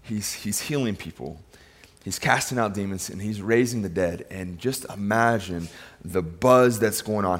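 A male pastor preaching a sermon in a relaxed, conversational way, often repeating words as he thinks aloud. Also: fairly low pitch, measured pace. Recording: long reverb of a large hall.

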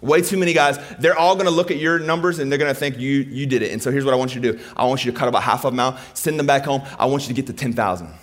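A man's voice: medium pitch, very fast, hardly any pauses, lightly acted. A man doing a breezy, chatty divine voice. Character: casual friendly divine voice giving orders.

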